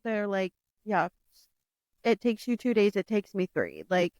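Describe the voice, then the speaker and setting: A woman's voice: mid-range voice, sing-song, a little slow, a little mellow, no echo, studio quality. A woman co-hosting a podcast in casual chat, joking and chiming in with quips.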